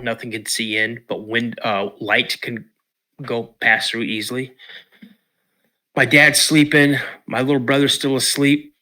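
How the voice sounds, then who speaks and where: A man from the Pacific Northwest of the US, a podcast guest telling a personal story in an emotional, halting way. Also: medium pitch, sharp tone. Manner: emotional, halting retelling with restarts.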